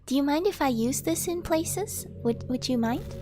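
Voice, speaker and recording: A woman streamer with a high, very lively voice who gushes and giggles as she reads chat. She talks at an unhurried pace, and music plays clearly behind her. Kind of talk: casual live-stream chat.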